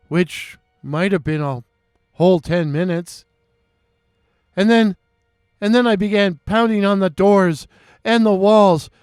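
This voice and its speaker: A man narrating a first-person horror story in a dramatic, halting way, with nervous restarts. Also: high-pitched, clean tone, dry recording, clean studio sound.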